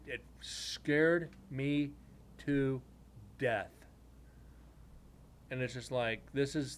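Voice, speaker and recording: Rambling casually to his live chat, a man recounts a story from one of his paranormal investigations. His pitch is in the ordinary middle range for a man, and he slips into crude jokes aimed at viewers.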